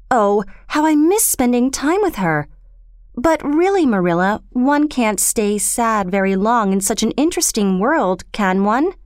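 A woman's voice: on the high side, clear, resonant tone, no room sound, clean studio sound, lightly acted. A woman voicing an imaginative, talkative young orphan girl in a storybook reading, earnest and dramatic. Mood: complaining. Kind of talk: storybook character voice.

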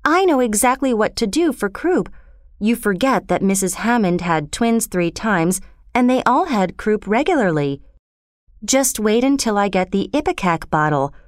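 A woman's voice: mid-range voice, expressive, normal speed, no echo, clean studio sound, lightly acted. A woman voicing an imaginative, talkative young orphan girl in a storybook reading, earnest and dramatic. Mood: urgent. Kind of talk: storybook character voice.

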